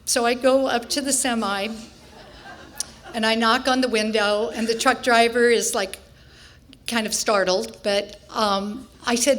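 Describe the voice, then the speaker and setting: A woman's voice: on the high side, fairly even intonation, measured pace, a bit bright. Older woman telling a wry family story. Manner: wry, self-mocking, laughs through her story. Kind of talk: personal storytelling on stage. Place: festival stage before an audience.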